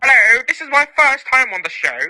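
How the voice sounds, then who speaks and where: A man's voice: very high voice, big pitch swings, fairly quick, sharp tone, voice pushed up, exaggerated voice, poor audio. A man playing a rambling celebrity weather reporter who talks in a breathless, winded way. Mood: excited. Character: mock celebrity weather reporter, male adult.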